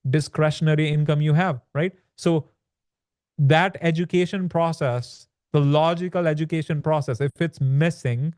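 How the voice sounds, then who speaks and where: A man explaining business principles as a podcast guest, with a slightly raised pitch for his sex. He talks conversationally, stumbling and restarting often. The sound is dry and close, with no room around it. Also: steady tone, normal speed, a little mellow, dry recording. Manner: conversational, many fillers and restarts. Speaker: entrepreneur guest. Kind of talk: casual interview explanation.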